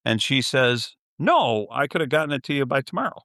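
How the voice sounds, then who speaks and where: A man's voice: medium pitch, animated, fairly quick, hardly any pauses, fairly bright tone, dry recording, studio quality. A middle-aged man on a podcast telling a story, acting out both sides of a phone call and laughing in disbelief. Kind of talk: casual storytelling.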